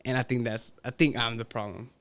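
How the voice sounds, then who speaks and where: A man, a musician guest, talking haltingly in a casual interview and mixing Spanish into his English. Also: mid-range voice, little pitch movement, a bit bright, no echo.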